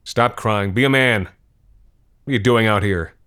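Guy playing a tough no-nonsense uncle, barks orders short and loud. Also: lowish voice, normal speed, smooth, voice pushed up, natural voice. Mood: harsh. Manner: barked, curt commands. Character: stern gruff uncle, curt and harsh.

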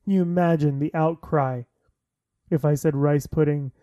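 A man's voice: a little high, fairly even intonation, moderate pace, warm tone, no echo, clean studio sound. A man in his thirties chatting casually to his listeners, jokey and full of fillers. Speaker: vlogger.

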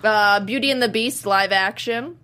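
A woman's voice: medium pitch, normal speed, bright, forceful tone. A woman co-hosting a casual chat, easygoing and stopping short with fillers. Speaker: podcast co-host. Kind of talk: casual chat reviewing a comedy show.

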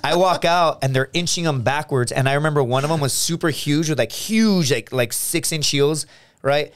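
An American man, a podcast co-host, telling a story in casual chat, animated and full of restarts, acting out his friends' lines. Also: on the high side, moderate pace. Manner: animated, restarts a lot, acts out quoted friends.

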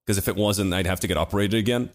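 A man's voice: low voice, rapid-fire. A young man, a podcast co-host, telling rambling stories in casual chat, full of fillers and swearing.

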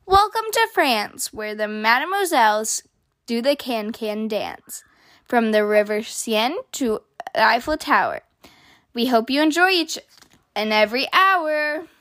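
A woman's voice: fairly high pitch, expressive, a little slow, fairly bright tone, dry recording, clean studio sound. A woman voicing a welcoming airport announcer who speaks in rhyme in a storybook reading.

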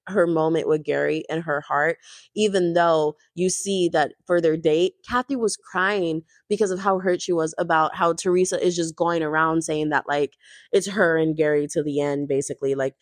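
A young woman casually recapping reality TV and ranting, chatty and animated, peppering her talk with "like" and "babes". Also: sits low, no room sound. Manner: chatty, heavy use of "like" and "babes", animated retelling. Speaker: reality TV commentator.

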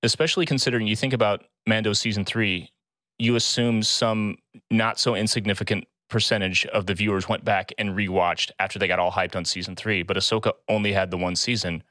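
A man's voice: on the low side, steady tone, brisk, bright, forceful tone, no room sound. A man hosting a podcast, laid-back and friendly in casual chat. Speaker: podcast host. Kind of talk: casual chat and read sponsor spot.

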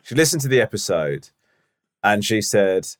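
A man's voice: lowish voice, very animated, moderate pace. A young man co-hosting a podcast in casual chat, sardonic and mock-disgusted, with a lot of swearing. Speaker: podcast co-host.

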